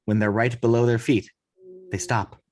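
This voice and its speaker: A man narrating the action lines of a screenplay read-through in a steady storytelling manner. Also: medium pitch, normal speed. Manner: steady storytelling, occasional slips. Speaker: narrator reading action description.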